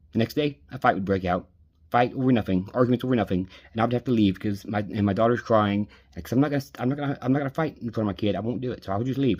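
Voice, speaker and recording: Man, husky and slightly low voice, bitter profane rant at an ex-friend. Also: a little mellow. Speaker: vlogger venting. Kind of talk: angry personal rant.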